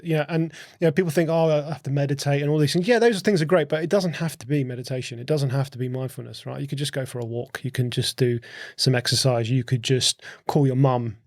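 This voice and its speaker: Man with a gravelly voice. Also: medium pitch, no echo, clean studio sound. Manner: explains through rhetorical questions, repeats words while thinking. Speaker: podcast guest, host's husband. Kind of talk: casual conversational explaining.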